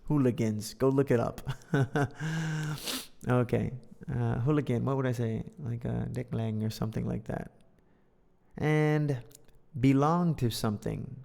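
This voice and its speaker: A man's voice: medium pitch, fairly even intonation, measured pace, creaky, pauses often, dark tone. A man teaching English by reading a storybook aloud and explaining words and sounds with playful, jokey asides. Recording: long hall reverb.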